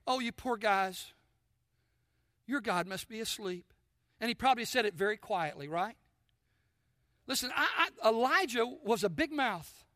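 A man preaching a sermon with a high, sharp, bright tone. He throws questions at the congregation and drops from forceful emphasis to near-whispers. The sound is close and dry. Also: no room sound. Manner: addresses congregation with call-and-response questions; swings between loud emphasis and soft near-whispers. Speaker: pastor. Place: church sanctuary.

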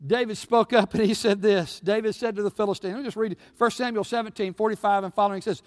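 A man preaching a sermon as pastor, swinging between loud peaks and hushed low passages, retelling scripture stories. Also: fairly even intonation, fast talker. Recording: long hall reverb.

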